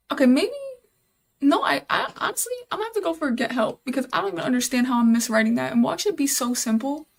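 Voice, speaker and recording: A young woman with a high, creaky voice live-streams while she codes. She thinks aloud, repeats herself and talks to her chat in casual chatter that is easily exasperated.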